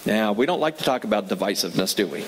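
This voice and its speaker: A man's voice: lowish voice, lively intonation, fast talker, a little hiss or hum, rough recording. Conversational male pastor preaching. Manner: conversational, asks the audience questions; repeats key phrases for emphasis. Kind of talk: sermon.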